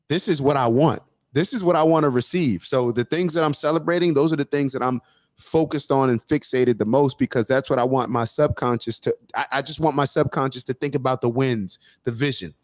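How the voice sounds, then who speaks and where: Male host, mid pitch, dry close sound; motivational, reflective talker. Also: a little mellow, no room sound. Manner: reflective, motivational, many fillers. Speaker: podcast host. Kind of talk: casual conversation.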